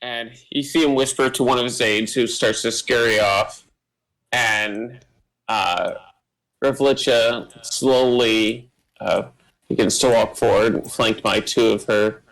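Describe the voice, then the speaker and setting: A man narrating a tabletop game as game master, slow and full of fillers. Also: lowish voice, steady tone, vocal fry, fairly bright tone, poor audio. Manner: slow, filler-heavy, meandering.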